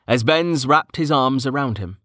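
A man reading a fantasy novel aloud as audiobook narration, in a measured, even manner. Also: mid-range voice, dry recording, studio quality.

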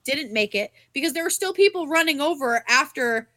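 A woman with a high, very bright voice, co-hosting a podcast and telling a story in a loose, animated way. She swears freely and fills her talk with "like." The sound is dry and close. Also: brisk, dry recording. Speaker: podcast co-host. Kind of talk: casual chat, storytelling.

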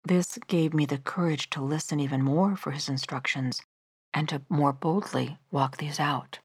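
A middle-aged woman narrating her own devotional book in a gentle, measured, earnest reading. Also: low-pitched, steady tone, slightly rough, dry recording, studio quality.

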